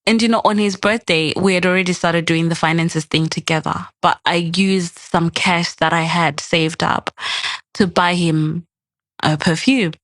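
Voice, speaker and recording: A woman's voice: on the low side, measured pace, no room sound. A young adult woman, a podcast guest, telling a personal story in casual chat and acting out the quoted lines. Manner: animated, acts out quoted dialogue.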